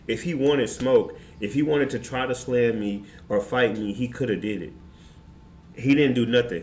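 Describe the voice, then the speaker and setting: A man streamer telling a story in casual, slangy, animated fashion. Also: medium pitch. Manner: animated, slangy, excitable retelling. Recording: roomy with faint background noise.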